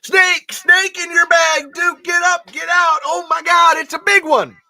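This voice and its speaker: A man's voice: very high voice, very animated, normal speed, fairly bright tone, voice pushed up, heavily acted. A man voicing a cheerful, playful male outback bushman in a sing-song, raised voice while reading a story aloud. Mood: panicked shouting.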